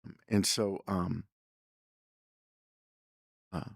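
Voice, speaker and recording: Deep gravelly man telling a story. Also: little pitch movement, drawn-out words, no room sound, studio quality. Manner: rambling, with many fillers and self-corrections. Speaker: podcast host. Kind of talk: casual storytelling monologue.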